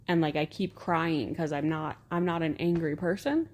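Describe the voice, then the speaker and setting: A woman, co-hosting a relaxed couple's podcast. Her voice sits a little low for a woman. She talks candidly and laughs often. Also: normal speed. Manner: candid, laughs easily, soft-spoken. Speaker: podcast co-host. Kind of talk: casual couple's podcast chat.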